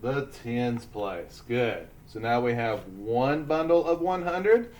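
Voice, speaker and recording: Slow-speaking man teaching young children. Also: mid-range voice, lively intonation, a little mellow, highs cut off, slight background noise. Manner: slow, deliberate, sounding out letters and syllables. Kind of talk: remote classroom lesson for young children.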